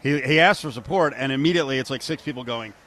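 Male radio host, casual and animated banter. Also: quick pace. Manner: animated, mocks quotes in high voices, laughs. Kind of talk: casual sports talk radio.

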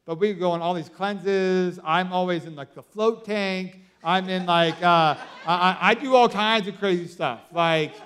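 High-voiced excitable male preacher. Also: measured pace, hardly any pauses, a little hiss or hum. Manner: excitable storytelling with many fillers. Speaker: pastor. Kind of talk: sermon.

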